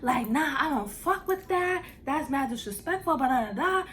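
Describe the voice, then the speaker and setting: A woman's voice: sits high, expressive, normal speed, fairly bright tone, slight background noise, voice pushed up. A young woman voicing a drunk, tired young man who scolds indignantly.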